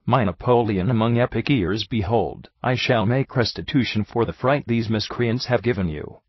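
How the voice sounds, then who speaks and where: Man reading as an excitable French detective. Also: on the low side, moderate pace, husky, no room sound. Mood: effusive. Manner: theatrical, effusive, exclamatory. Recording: dull lo-fi dry recording.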